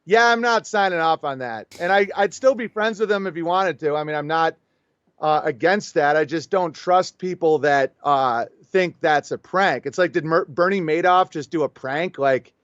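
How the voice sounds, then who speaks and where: With lo-fi sound and no echo, a man on the high side of pitch speaks at a moderate pace as a show guest. In this casual interview he tells an animated story, quoting the back-and-forth and performing both voices.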